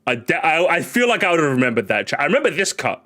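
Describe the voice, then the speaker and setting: A male streamer reacting live to game replays, chatty and excitable, rambling with many restarts. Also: fairly high pitch, fast talker, slight background noise.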